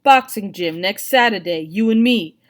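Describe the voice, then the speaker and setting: A woman's voice: mid-range voice, lively intonation, normal speed, close to an everyday voice. A woman voicing a stern, protective father who talks bluntly in slang, in a storybook reading. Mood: gruff.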